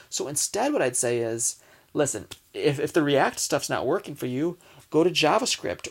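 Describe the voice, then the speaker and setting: Guy hosting his daily show, kinda gravelly, rambles and acts out his own frustrated thoughts. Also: mid-range voice. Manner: rambling, animated, acts out frustrated inner voices. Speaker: host. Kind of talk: casual advice talk.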